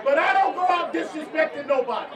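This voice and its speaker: A man in police uniform speaks to a rally crowd in an earnest, plain-spoken way, his voice high for a man. He is heard through a PA from far off, with echo all around. A loud crowd and heavy noise fill the background. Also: quick pace. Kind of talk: outdoor rally speech. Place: outdoor rally at a school. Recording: echoey PA from afar, loud crowd. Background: loud cheering crowd.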